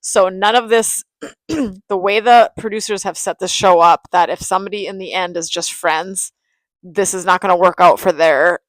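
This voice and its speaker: A woman's voice: mid-range voice, steady tone, normal speed, no room sound, low-quality recording. A woman co-hosting a podcast, chatting casually and with strong opinions while recapping a reality show, often restarting her sentences. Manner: opinionated, talks in restarts and repeats. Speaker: podcast co-host.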